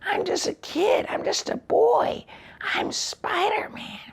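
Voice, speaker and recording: A man mocking a breathy teenage superhero. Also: full character voice. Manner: high, breathy, whispery, drawn-out delivery. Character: mocking take on a meek teenage boy superhero.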